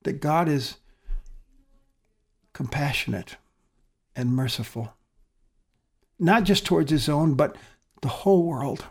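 Man, pastor, sermon, earnest, somewhat high voice, loud emphasis then soft phrases. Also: slow, creaky, pauses often, husky.

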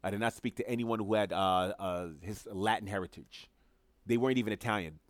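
A man's voice: on the low side, fairly quick, no room sound. A man giving opinionated solo commentary as a podcast host, emphatic and sarcastic, repeating his phrases for effect.

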